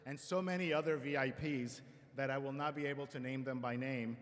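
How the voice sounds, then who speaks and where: A man giving a formal convocation address at a school ceremony, measured with light self-deprecating humor, speaking at a podium microphone. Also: medium pitch, fairly even intonation. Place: large auditorium. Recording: long hall reverb in a large auditorium.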